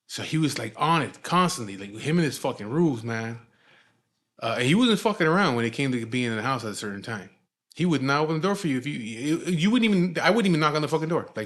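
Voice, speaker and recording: A man in his forties from Southern California tells a story in a loose, casual way. He swears often and keeps dropping fillers. His voice sits at an ordinary middle pitch. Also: animated, quick pace, fairly bright tone. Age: 40s. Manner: laid-back and profane, with frequent fillers.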